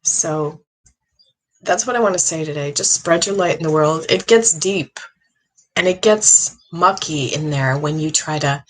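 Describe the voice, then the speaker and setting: Woman, middle-aged, earnest halting monologue, slow delivery, low voice. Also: breathy edge, low-quality recording. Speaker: psychic medium. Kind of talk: casual monologue.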